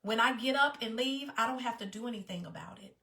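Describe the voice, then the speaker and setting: A woman's voice: fairly high pitch, fast, gravelly, bright, forceful tone. A woman vlogger talking personally to her viewers in an emphatic way, often repeating her phrases. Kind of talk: personal talk to camera.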